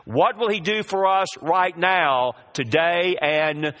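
A man's voice: high voice, slow pace, bright, forceful tone. A man preaching a sermon, drawing out the scripture quotes with emphasis.

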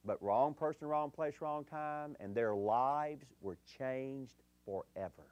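A middle-aged man preaching to a gathering about marriage and dating, telling stories earnestly and dropping low and quiet in the sad parts. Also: slow, dry recording, muffled recording.

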